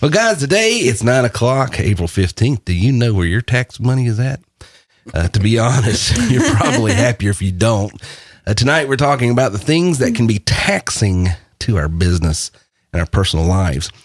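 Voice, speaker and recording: This podcast host is a man with a medium-pitched, sing-song voice, speaking at normal speed. He rambles and laughs often in casual chat, recorded in a clean studio with no room sound.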